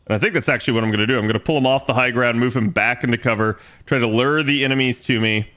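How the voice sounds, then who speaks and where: A man's voice: medium pitch, rapid-fire, fairly bright tone. A man streaming a strategy game, casually explaining his moves aloud and swearing now and then. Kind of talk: casual gameplay commentary.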